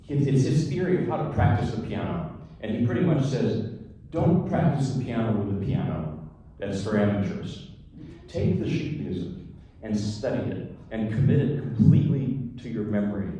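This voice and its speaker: A pianist speaking informally between pieces at a lecture recital, chatty and digressive, with frank asides. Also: male voice, fairly low pitch, mellow, slight background noise. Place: concert or recital hall. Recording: very echoey hall, voice far from mic.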